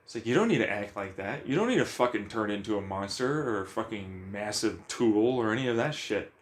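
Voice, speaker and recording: A man's voice: lowish voice, animated, fairly quick. A man talking bluntly about emotions in a casual, profane monologue, firing questions at himself.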